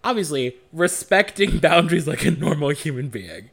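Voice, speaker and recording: Young man, podcast co-host, lively swinging pitch, casual storytelling, swears a lot. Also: normal speed. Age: young adult. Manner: animated, swearing often, acts out quoted lines.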